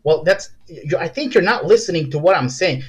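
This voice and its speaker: A man's voice: on the high side, lively intonation, fairly quick, husky. A man voicing a pompous, all-knowing male helicopter who sounds grandiose and then bumbling when cornered, in a comic home video skit. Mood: defensive.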